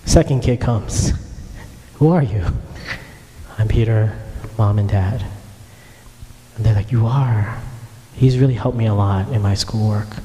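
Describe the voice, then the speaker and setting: A pastor with a fairly low, dark voice delivers a sermon woven with his own testimony, keeping his intonation fairly even and his pace measured. He tells his story earnestly and speaks straight to the congregation. A hall's long reverb surrounds the recording.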